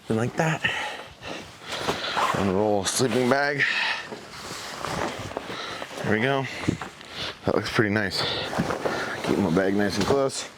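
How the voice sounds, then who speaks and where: Camping by a fire in the forest, a man hosts an outdoor vlog, chatting to his viewers in a relaxed, casual way. His voice is mid-range, with background noise audible.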